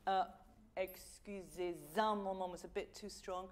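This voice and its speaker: A woman's voice: mid-range voice, level tone, a little fast. A middle-aged English woman teaching a vocal masterclass, encouraging and demonstrating phrases aloud.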